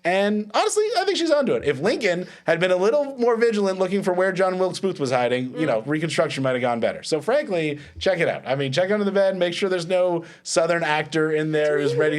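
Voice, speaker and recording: Canadian man, comedy podcast host, wry, laughs a lot, slightly high, very lively pitch. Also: quick pace, few pauses. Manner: wry, laughs often, riffs on his own jokes. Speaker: podcast host running a quiz game. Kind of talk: comedic panel chat.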